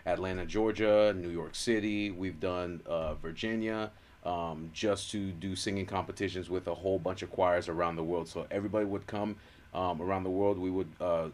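A podcast co-host with a low, slightly mellow voice chats casually. He rambles, with many fillers and restarts.

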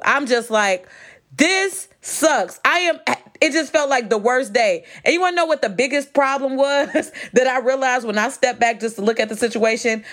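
A woman from Chicago hosting her own podcast, talking casually and animatedly to her listeners. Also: a little high. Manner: chatty and animated, addressing listeners as "y'all". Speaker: podcast host. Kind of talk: casual solo podcast talk. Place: home.

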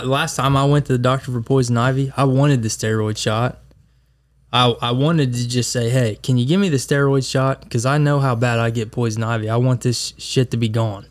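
Man, mid-pitched voice, easygoing, asks questions, casual podcast chat. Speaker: podcast host.

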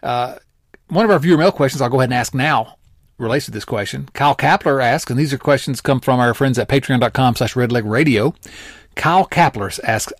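A man's voice: mid-range voice, fairly quick, dry recording, clean studio sound. A man co-hosting a casual sports podcast, rambling with fillers and teasing his partner. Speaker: podcast co-host.

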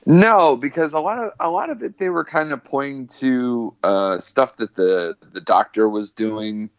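A man's voice: mid-range voice, a little slow, no echo, lo-fi sound. A man chatting casually as a podcast guest, rambling and full of fillers.

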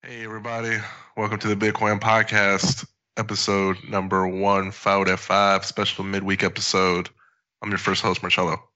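Male podcast host, lowish voice, bright tone, casual ad reads. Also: flat delivery, normal speed, lo-fi sound, soft background music. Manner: laid-back, joking, reads ads off-the-cuff. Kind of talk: casual podcast chat and read ads.

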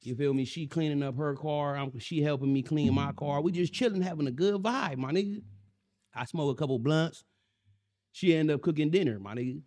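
A man's voice: a little high, brisk. A man telling a story in casual chat, slangy, repeating his catchphrases. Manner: animated, slangy, repeats "my nigga" and "you feel me". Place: Los Angeles.

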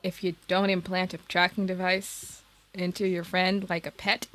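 A woman's voice: on the low side, flat delivery, moderate pace, fairly bright tone. Wry woman with joking asides. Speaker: podcast co-host. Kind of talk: casual chat.

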